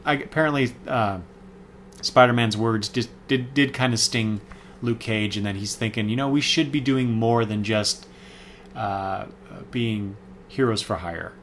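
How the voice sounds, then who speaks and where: A man talks through a casual comic book review at a middle pitch, stopping often to correct himself. He fills his pauses with ums and uhs. A faint background noise sits under his voice. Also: fairly bright tone. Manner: rambling, many fillers and self-corrections.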